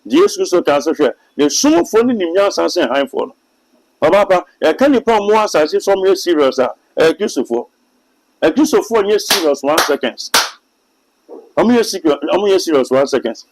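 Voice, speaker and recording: A man's voice: sits high, very animated, fairly quick, darkish tone, low-quality recording. A Ghanaian man, a pastor and prophet, speaks emphatically in a sermon-like way during an interview, with a Ghanaian accent. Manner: emphatic, sermon-like, mixing in English phrases. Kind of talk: preaching in an interview.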